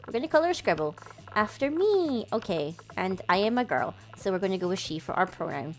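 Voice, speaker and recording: A woman's voice: mid-range voice, very animated, brisk, faint music behind. A young woman hosting a casual let's play, chatty and upbeat with lots of little fillers. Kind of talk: casual gameplay commentary.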